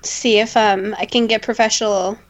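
A woman's voice: medium pitch, fairly even intonation, moderate pace, lo-fi sound. A woman co-hosting a casual podcast, playful and a little hesitant. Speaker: podcast co-host. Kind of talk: casual chat.

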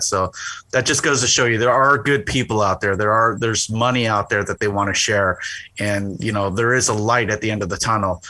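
A man's voice: on the low side, pushed and bright, no room sound. A man co-hosting a casual podcast, rambling and swearing, laughing often. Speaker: podcast co-host. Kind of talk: crude casual banter.

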